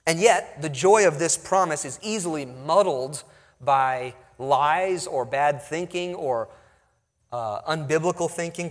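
A man preaching a sermon, reading scripture aloud and explaining it with emphatic pauses. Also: on the high side, long reverb tail. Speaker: pastor.

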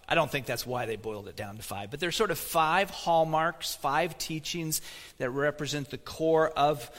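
A man's voice: medium pitch, fairly bright tone, big-room sound. A man preaching a sermon as pastor, in a conversational manner, asking the congregation questions. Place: church sanctuary.

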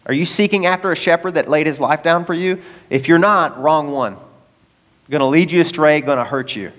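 A man preaching a sermon as pastor, emphatic, asking the congregation rhetorical questions and swinging between loud bursts and quiet asides. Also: fairly high pitch, fairly quick. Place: large auditorium. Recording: long hall reverb.

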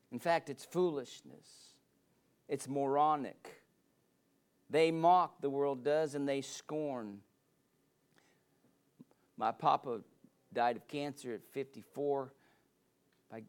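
A man preaching with an emphatic, repetitive cadence, his voice at a middle pitch. He drives points home by building phrase upon phrase. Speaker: pastor. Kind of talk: sermon.

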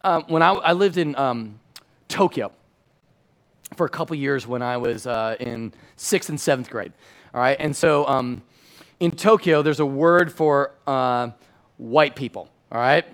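This middle-aged pastor's sermon in church moves a little slowly, carried by a mid-range voice. He talks in an animated, chatty manner, drifting from loud stretches to near-whispers.

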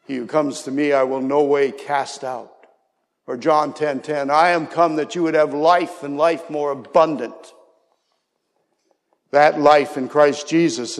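High-voiced preacher in a reverberant hall. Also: male voice, vocal fry. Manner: earnest preaching, dropping to soft low tones and bursting into shouts. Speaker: pastor. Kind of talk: sermon.

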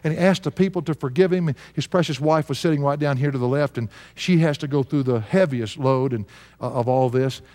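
A man's voice: medium pitch, brisk, a little mellow. A man in his sixties preaching a sermon, telling a story and chuckling now and then with earnest emphasis. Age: 60s. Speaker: pastor. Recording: long hall reverb.

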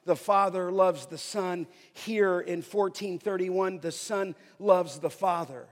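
A man preaching an expository sermon, emphatic, slowing down to stress key phrases as he reads scripture. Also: high voice. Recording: long hall reverb.

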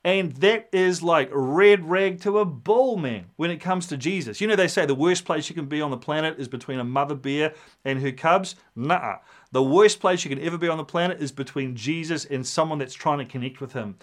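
A man preaching a sermon with a somewhat high voice. He tells it like a story, animated, and acts out the voices of the people in it. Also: brisk. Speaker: pastor.

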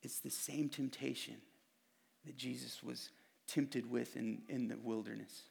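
A man's voice: medium pitch, fairly even intonation, measured pace, gravelly, a little mellow. A man preaching a sermon in a casual, conversational way, often acting out what others say. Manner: casual, conversational preaching that acts out quoted voices. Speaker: pastor.

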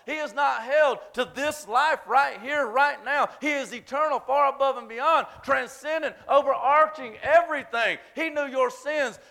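A man preaching a sermon, swinging between shouted emphasis and hushed, quiet passages. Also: very high voice, creaky. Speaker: pastor.

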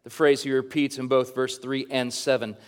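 A man's voice: mid-range voice, flat delivery, clean tone. Earnest male preacher. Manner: earnest, reads scripture slowly, then preaches with rising emphasis; speaks directly to the congregation. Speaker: pastor. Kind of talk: sermon.

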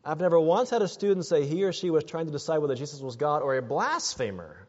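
A man's voice: on the high side, lively intonation, fast, darkish tone. A man preaching a sermon as pastor, earnest and building to emphatic exhortations. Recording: dull sound with long hall reverb.

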